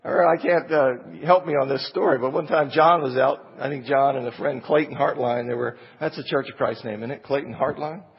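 A man with a husky, fairly high voice teaches a Bible lesson like a sermon. He presses his points with rhetorical questions. The recording is dull and muffled, with a long reverb trailing off the hall walls. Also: brisk, hardly any pauses. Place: church auditorium.

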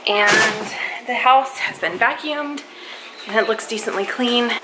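A woman's voice: fairly high pitch, unhurried, very noisy. A young woman chatting to the camera at home during the kids' bedtime routine, a casual family vlog. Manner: chatty, mom talking to kids and camera. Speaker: family vlogger.

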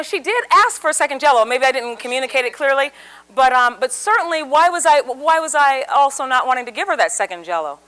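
A woman giving a live seminar talk to an audience, telling a story and acting out the voices in it. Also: high-pitched. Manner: animated storyteller, acts out quoted voices. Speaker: communication speaker.

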